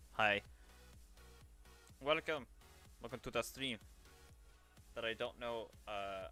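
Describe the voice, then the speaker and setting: With a lowish, pushed, bright voice, this man provides casual livestream commentary while building a 3D model commission. He's chatty, pokes fun at himself, and mutters to himself as he goes.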